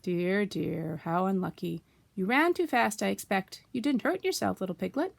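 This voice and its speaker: A woman voicing a gloomy, mournful old male donkey who talks slowly in a drawn-out, glum way, in a storybook reading. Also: medium pitch, gravelly, dry recording.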